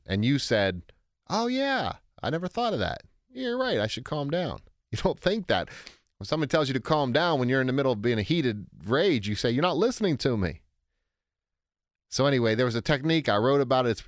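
A man explains his ideas in a conversational teaching monologue, his pitch swinging widely as he acts out what people say. He keeps a middle pitch, restarts often, and the sound is close and dry with no room around him. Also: no room sound. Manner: animated, acts out quotes with big pitch jumps, frequent restarts. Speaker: author and speaker on handling anger. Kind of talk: conversational teaching monologue answering a listener question.

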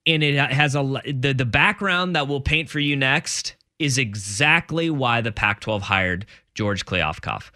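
A man's voice: mid-range voice, a little slow, hardly any pauses, bright, forceful tone, no room sound, studio quality. A man hosting a sports talk radio show, chatting casually, joking and laughing often, sometimes stumbling over his words.

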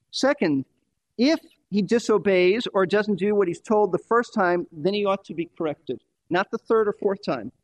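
A man's voice: sits high, no echo. A man preaching a sermon in an emphatic way, repeating key phrases for stress.

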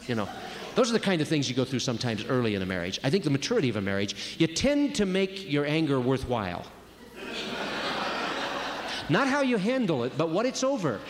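Here the marriage-retreat speaker uses huge pitch swings in a mid-range voice, moving briskly through a conversational sermon on marriage and acting out the voices he quotes. The background is noisy, with a large hall's long reverb.

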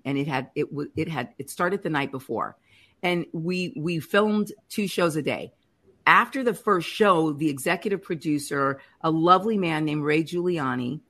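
A middle-aged woman candidly telling a personal faith testimony on a podcast, acting out what people said. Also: deep voice. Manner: candid, animated retelling with acted-out quotes. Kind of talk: personal testimony, casual storytelling.

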